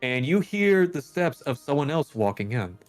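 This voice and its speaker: A man's voice: fairly high pitch, big pitch swings, normal speed, soft background music. A man running a tabletop game. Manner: descriptive, calling for rolls. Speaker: game master.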